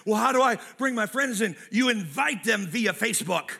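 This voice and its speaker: A male pastor delivers a sermon in a high, bright, forceful voice. He is lively and humorous, slipping into character voices for quotes and hammering key phrases by repeating them. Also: normal speed, creaky, slightly rough.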